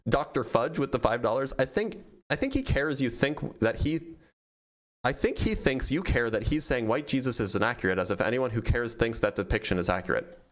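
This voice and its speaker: A man's voice: mid-range voice, expressive, a little fast. A man hosting a livestream, casually reading out donor messages and answering them with frequent laughs. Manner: reads donor messages aloud, laughs often. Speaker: streamer reading super chats.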